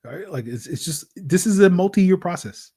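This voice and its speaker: A man hosting a solo sports podcast, talking in an animated, rambling way with lots of fillers and rhetorical "right?" questions. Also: sits high, moderate pace, breathy edge. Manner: acts out voices in quoted asides. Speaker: podcast host.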